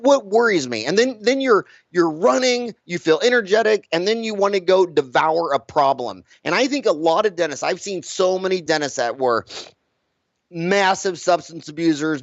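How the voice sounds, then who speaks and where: A blunt, animated man with a somewhat high voice speaks as an interview guest, pushing his points hard and stumbling over repeated words. The sound is dry and close, but dull and lo-fi. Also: no room sound. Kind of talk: casual interview talk. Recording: dull lo-fi recording.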